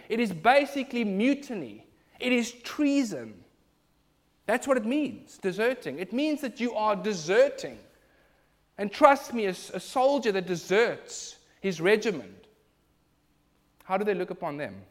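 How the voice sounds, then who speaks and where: A man's voice: high voice, big pitch swings, moderate pace. A man preaching a sermon, emphatic and building in intensity.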